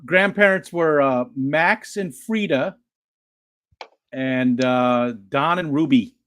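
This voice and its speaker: A man's voice: a little high, slow pace, a bit bright. A man co-hosting a casual livestream chat, joking and reading viewer messages aloud. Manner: jokey, quotes movies, reads chat aloud. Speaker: livestream co-host.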